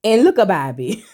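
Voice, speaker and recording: A woman with a high, bright-pitched voice and a drawl, talking through a reality show episode like she's chatting with friends. She is sassy and slangy and keeps throwing teasing asides at the viewers. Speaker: reality TV recap host. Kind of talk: casual recap with commentary.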